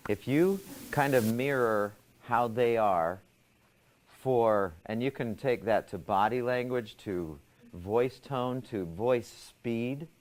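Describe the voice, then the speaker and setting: A man's voice: medium pitch, slow, darkish tone. A man teaching a class, asking students questions and explaining ideas step by step. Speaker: instructor.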